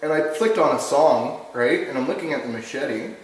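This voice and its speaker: A man telling a story in casual chat, animated, swearing often and laughing, recorded far from the mic in an echoey room. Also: mid-range voice, fairly quick. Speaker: podcast host.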